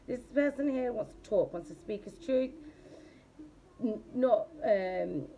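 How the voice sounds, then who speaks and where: A woman's voice: a little high, lively intonation, measured pace, mellow, slight background noise. A woman giving a casual tarot reading. She talks bluntly and chattily, and she swears freely. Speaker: tarot reader.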